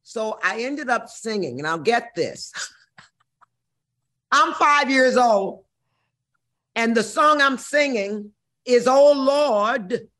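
A woman's voice: on the high side, lively intonation, slow, pauses often, bright, forceful tone. A woman in her sixties from Missouri, telling her life story as an interview guest in a brassy, profane, dramatic way. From Missouri, USA. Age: 60s.

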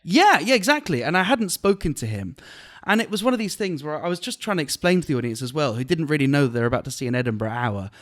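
A man, a comedian, telling a story on a podcast in an animated way and laughing often. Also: fairly high pitch, fast talker. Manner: animated, laughing while retelling an anecdote. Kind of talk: casual storytelling chat.

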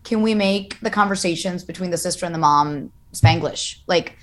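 An American woman voice actor talking casually on a panel, chatty and animated, full of "like" and "you know". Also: fairly low pitch, moderate pace. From United States.

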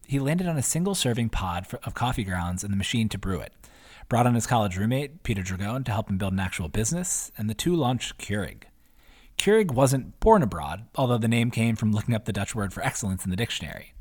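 A man reading his own newsletter post aloud as scripted narration, in a chatty way with wry asides. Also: medium pitch. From half Italian.

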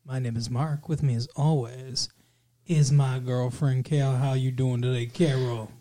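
A man's voice: mid-range voice, little pitch movement, unhurried, mellow. A man hosting a casual podcast chat, rambling, trailing off and correcting himself as he goes. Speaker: podcast host.

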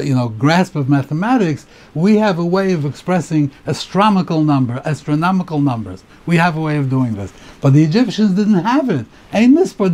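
Mellow-voiced rabbi teaching a Torah class. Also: male voice, mid-range voice. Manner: conversational, thinks aloud, repeats words and gets excited when making a point. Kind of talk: informal spoken Torah lecture.

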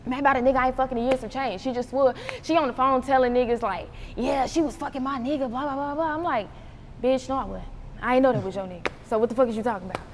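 In a casual interview, a young North Carolina rapper races through lively stories in a slightly high voice, performing the quotes and laughing often. The recording carries a roomy hall sound and faint background noise.

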